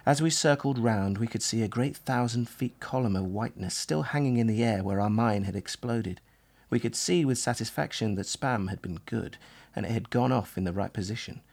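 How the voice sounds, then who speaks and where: A man giving a measured, vivid first-person reading of a memoir as narrator. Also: medium pitch, gravelly, a little mellow.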